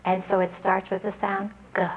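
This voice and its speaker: A woman telling an audience how she taught a student to read. She speaks earnestly and spells out letters and their sounds slowly. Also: medium pitch, monotone, phone-quality sound. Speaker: literacy teacher giving a talk. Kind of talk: storytelling address to an audience.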